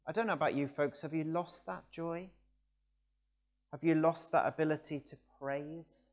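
A man's voice: a little high, normal speed, darkish tone. A man preaching a sermon in a conversational, storytelling way that rises to emphatic passages. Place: church, also streamed.

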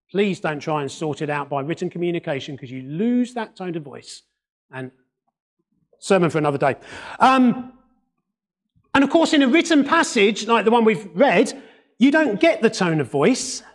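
A man with a fairly high voice preaches a sermon in a conversational, expressive way. He slips in wry asides and sinks to a near-hush to stress key words. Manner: expressive, varies tone and drops to a hush for emphasis.

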